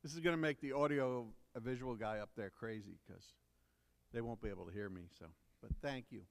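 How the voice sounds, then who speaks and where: Speaking briskly in a medium-pitched, creaky voice, a man serving as deacon gives a playful children's sermon. In the church sanctuary, through a handheld or stand mic with long reverb, he teases and coaxes the kids into answering.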